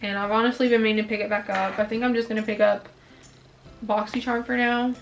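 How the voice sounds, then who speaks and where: A woman's voice: mid-range voice, flat delivery, quick pace, soft background music, rough recording. A young woman filming a casual makeup review at home, chatting and venting her frustration, a bit out of breath. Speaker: beauty vlogger. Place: indoors at home, filming herself.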